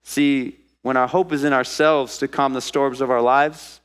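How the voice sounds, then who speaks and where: A man preaching a sermon as pastor to a congregation in church, lively and acting out the voices he quotes. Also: mid-range voice, a little slow, clear, resonant tone. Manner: animated, acts out quoted voices.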